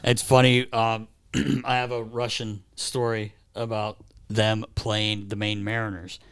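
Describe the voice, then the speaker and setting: A man co-hosting a podcast, chatting casually and telling a lively story, his pitch leaping up when he quotes himself as a kid. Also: unhurried, clean tone. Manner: animated storyteller who jumps to a high pitch when quoting himself as a child. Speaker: podcast co-host. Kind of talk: casual chat. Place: podcast studio.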